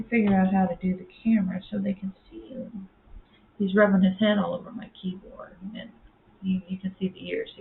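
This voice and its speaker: A woman's voice: medium pitch, flat delivery, brisk, creaky. A woman chatting casually in a home vlog, rambling with lots of fillers and cooing at her cats in baby talk. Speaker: vlogger. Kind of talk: casual chat. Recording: tinny phone-like audio with faint noise.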